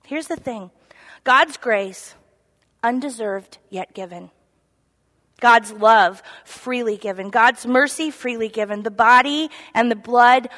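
A woman giving an earnest, confessional sermon, moving between loud emphasis and soft whispered asides. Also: a little high, takes it slowly. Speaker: church speaker. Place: church sanctuary. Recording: long echo of a large hall.

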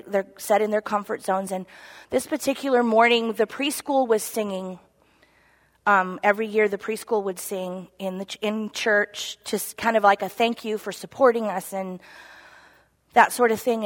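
A woman giving an earnest, confessional sermon, moving between loud emphasis and soft whispered asides. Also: mid-range voice. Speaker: church speaker. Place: church sanctuary. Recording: long echo of a large hall.

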